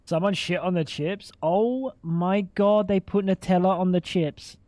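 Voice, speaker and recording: A young man with a high-pitched voice chats casually on a live stream, cracking crude jokes and swearing as he reacts in disbelief. His voice is close and dry, with no room sound around it. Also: unhurried, darkish tone, no echo.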